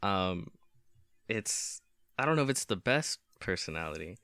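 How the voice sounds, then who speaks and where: Laid-back low-voiced man rambling casually. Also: very animated, measured pace, pushed and bright, clear, resonant tone, no room sound. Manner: hesitant, many ums and restarts, laughing often. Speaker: podcast co-host. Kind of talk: casual ranking chat.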